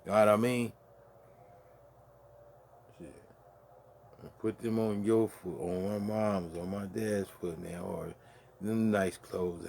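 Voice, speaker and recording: A man's voice: low voice, vocal fry, darkish tone, a little hiss or hum. A man in his fifties, grieving, rambling profanely through a late-night monologue with many restarts. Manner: profane, meandering, restarts often. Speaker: vlogger.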